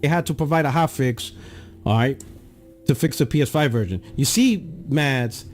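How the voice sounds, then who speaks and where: A man's voice: mid-range voice, moderate pace, darkish tone, faint music behind. A man giving casual gaming commentary in a clip, pointing things out on screen.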